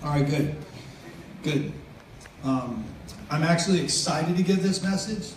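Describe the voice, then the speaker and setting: At a church venue, a middle-aged guest preacher keeps things light and jokey, chatting and breaking off mid-thought. His voice is on the high side at a measured pace, recorded from afar in an echoey hall with faint noise and crowd sounds.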